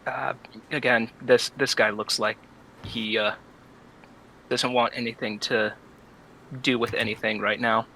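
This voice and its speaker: A man playing in a tabletop game, speaking in a halting, careful way with many fillers. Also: mid-range voice, little pitch movement, pushed and bright, a little hiss or hum, poor audio. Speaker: player. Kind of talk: casual tabletop play.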